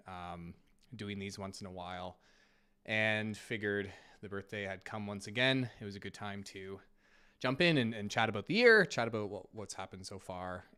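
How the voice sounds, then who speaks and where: A man's voice: on the low side, fairly bright tone, clean tone. A Canadian man hosting a casual live stream Q&A on finance, chatty and self-deprecating, a little scratchy from a cold. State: getting over a cold, slightly scratchy. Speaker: finance channel host.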